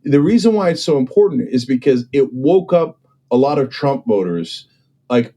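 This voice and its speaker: This political commentator and guest has a mid-range, mellow voice, very animated, at a moderate pace. Passionately making his case, he keeps checking in with "right?" and "okay?" and performs the voices of anyone he quotes.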